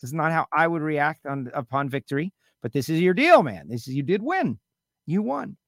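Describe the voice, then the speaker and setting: A man's voice: a little high, very animated, fairly quick, a bit bright, no room sound, clean studio sound. A man hosting a radio talk show, chatting casually and teasing his co-host with rambling asides.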